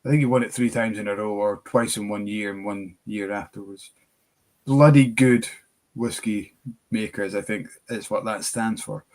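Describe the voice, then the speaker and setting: A man's voice: fairly low pitch, fairly even intonation, normal speed, darkish tone. A man co-hosting a casual whisky chat, rambling with hesitant restarts and dry humour. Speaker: whisky shop co-host.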